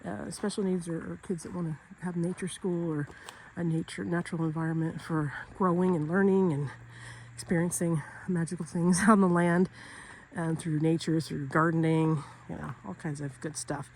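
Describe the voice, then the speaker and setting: A woman's voice: fairly low pitch, fairly even intonation, normal speed, darkish tone, low-quality recording. A woman chatting casually while walking outdoors, bubbly and laughing often, with many fillers and restarts. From Northern California. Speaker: vlogger. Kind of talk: walking nature vlog. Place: outdoors, rural property. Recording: faint outdoor background noise.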